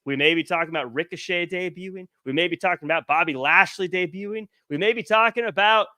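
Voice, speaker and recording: A man's voice: high voice, quick pace, sharp tone, no room sound, studio quality. A man hosting a podcast in casual chat, joking and reading viewer comments aloud into a headset mic. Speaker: podcast host.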